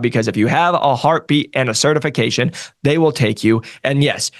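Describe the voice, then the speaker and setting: A man coaching nurses on a career move, talking in an energetic, emphatic way with lots of repetition. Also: a little high. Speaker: sales coach. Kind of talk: podcast conversation.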